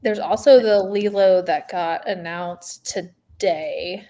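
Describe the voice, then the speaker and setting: A woman's voice: on the low side, slow pace, dark tone. A woman co-hosting a casual podcast, tossing in playful asides and jokes. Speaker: podcast co-host.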